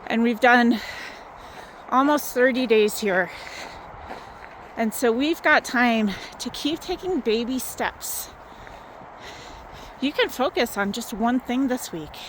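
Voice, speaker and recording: A woman hosting a wellness challenge, giving gentle, encouraging motivational talk outdoors, a little out of breath from walking. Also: a little high, animated, takes it slowly, long pauses, a little hiss or hum, rough recording. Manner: gentle, encouraging, guiding with questions. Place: outdoors in the sun.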